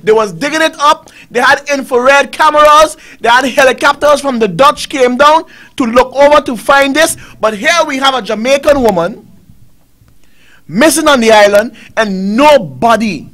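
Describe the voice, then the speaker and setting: A middle-aged Caribbean man with a very high, sharp voice hosts a talk show, ranting angrily at a moderate pace. His impassioned commentary has a preaching quality, with one rhetorical question fired after another.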